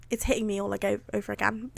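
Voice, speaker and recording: A woman streamer reads fan fiction aloud on a live stream, giggling and stopping to react in chatty asides. Her medium-pitched voice is creaky, with no room sound.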